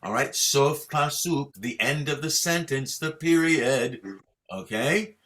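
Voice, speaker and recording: A male cantor teaching chant signs, speaking emphatically and singing slow examples for students to repeat. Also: mid-range voice, fairly bright tone. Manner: emphatic, repeats key points, sings examples slowly. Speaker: cantor teaching Torah cantillation. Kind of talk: patient teaching, sung demonstrations.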